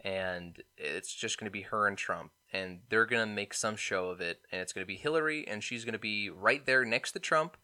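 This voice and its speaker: A young man co-hosting a podcast, ranting excitedly about politics and mocking people in put-on voices. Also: on the low side, moderate pace, hardly any pauses. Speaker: podcast co-host. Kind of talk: casual political banter.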